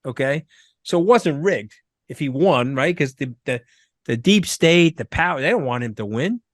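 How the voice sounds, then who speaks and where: A middle-aged man from Long Island, talking as an interview guest in an animated, emphatic, rapid-fire way. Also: fairly high pitch, no echo, clean studio sound. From Long Island, New York. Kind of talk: conversational interview.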